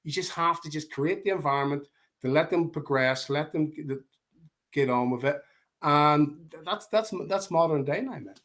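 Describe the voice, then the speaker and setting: A man's voice: on the high side, normal speed, a bit bright. Irish man telling stories with laughs. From Ireland. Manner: storytelling, laughs often, many restarts. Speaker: martial arts instructor, guest. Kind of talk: casual chat.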